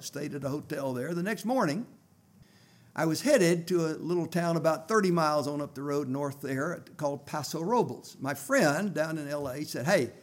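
An older man preaching a sermon, telling a personal story in a folksy way and rising to loud, emphatic prayer. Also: a little high.

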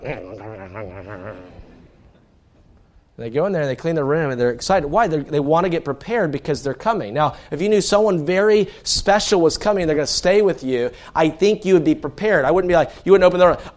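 Delivering a sermon, a middle-aged male pastor talks a little fast, swinging between hushed, low-voiced asides and loud, lively emphasis.

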